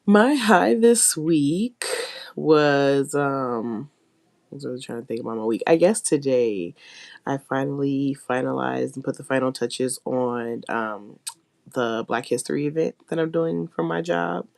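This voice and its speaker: A woman co-hosting a podcast with a raspy voice, speaking expressively in casual chat. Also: extremely low pitch, unhurried, darkish tone, dry recording. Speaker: podcast co-host.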